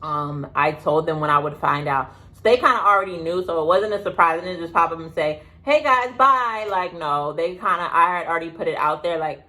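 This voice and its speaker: A young woman telling a story to her viewers in a casual vlog, rambling and chatty with quick asides. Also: low-pitched, pushed and bright. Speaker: vlogger. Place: indoors, sitting at home.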